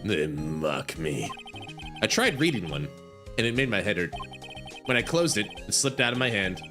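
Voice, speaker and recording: A man narrating a video game playthrough, reading its lines aloud in quick, joking asides. His pitch moves very lively from phrase to phrase, with music playing clearly in the background. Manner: quick, joking, laughs often. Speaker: gameplay narrator. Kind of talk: game playthrough with read-aloud dialogue and jokes.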